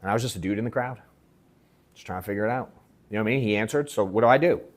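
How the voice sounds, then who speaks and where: Man, sales coach, casual storytelling to a workshop audience, slangy and profane, animated quotes. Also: lowish voice, rapid-fire. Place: event room at an in-person workshop.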